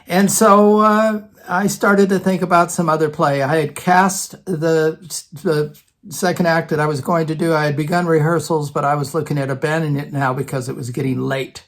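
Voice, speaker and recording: An older man, a retired theater department head, telling a personal story in a relaxed conversational way and acting out other people's lines. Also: on the high side, moderate pace.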